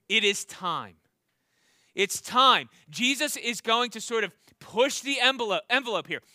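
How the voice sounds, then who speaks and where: A man's voice: high-pitched, bright, forceful tone, smooth, no echo, clean studio sound. A pastor preaching a sermon in an earnest way, often repeating words as he starts a thought and asking his listeners questions. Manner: asks the congregation questions.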